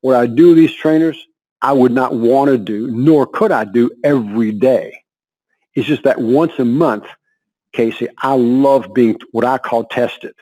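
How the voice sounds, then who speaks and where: An older man in his seventies, speaking as an interview guest at an average pitch. He tells lively anecdotes, often breaking into laughter and repeating words as he goes. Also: a little slow, rough recording. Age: 70s. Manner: lively anecdotes, frequent laughter and word repetition. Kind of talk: conversational storytelling.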